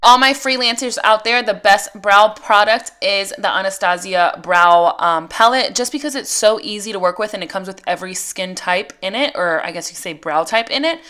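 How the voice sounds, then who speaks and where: A woman's voice: mid-range voice, a bit bright. Chatty woman narrating a makeup tutorial. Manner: chatty, explains each step as she goes. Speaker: makeup artist. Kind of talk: casual tutorial voice-over.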